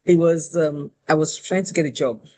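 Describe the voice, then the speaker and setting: A woman host tells a personal story in a relaxed conversational flow. She is candid and animated and pokes fun at herself as she talks. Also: sits low, normal speed. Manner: candid, animated, self-deprecating.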